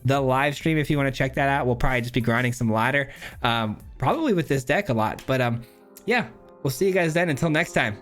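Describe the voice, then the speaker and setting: A man's voice: medium pitch, lively intonation, quick pace, a bit bright, soft background music. A man hosting his own channel, giving a casual, upbeat breakdown of a card game deck, rambling with lots of fillers and restarts. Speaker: channel host.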